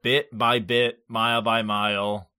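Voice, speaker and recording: A podcast host chatting in a relaxed, rambling way, mid-pitched and full of fillers. Unhurried, conversational delivery. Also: smooth. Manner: laid-back, rambling, many fillers. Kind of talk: casual chat.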